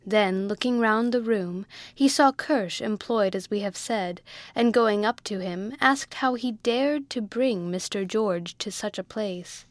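A woman narrating a classic novel as an audiobook reader, in a measured storytelling way. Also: medium pitch, no room sound. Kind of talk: scripted narration.

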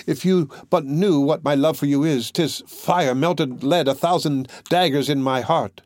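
An obsessed older priest begs in a raised, passionate, pleading voice, sometimes panting, as a male audiobook reader puts him on. The voice sits higher than his usual narration. It is recorded close and dry. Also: a little slow, dry recording, close to an everyday voice.

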